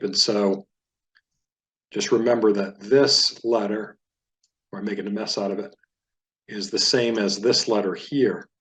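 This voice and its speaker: Patient man teaching Hebrew reading. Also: on the low side. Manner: patient, explanatory, repeats words slowly for learners. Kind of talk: reading practice lesson.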